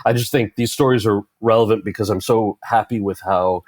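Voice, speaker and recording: A man's voice: fairly low pitch, fairly quick, no echo. A man, an actor telling a story as an interview guest and voicing the people in it. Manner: animated anecdote-telling, quoting others in character. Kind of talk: conversational storytelling.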